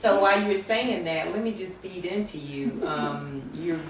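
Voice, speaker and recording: A woman's voice: lowish voice, normal speed, slight background noise. A woman in a casual podcast chat, mostly affirming others with short replies before speaking up. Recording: very echoey room, distant mic.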